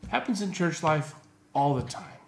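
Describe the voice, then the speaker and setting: A male pastor preaching a sermon in an animated, conversational way, with rhetorical questions to the congregation. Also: fairly high pitch, moderate pace, gravelly, slight background noise. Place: church. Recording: echoey church room.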